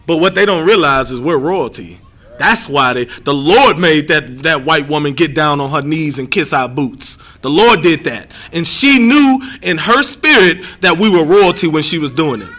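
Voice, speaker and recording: High bright-voiced young male street preacher, animated, rambling livestream teaching. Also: normal speed. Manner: animated, rambling, repeats himself.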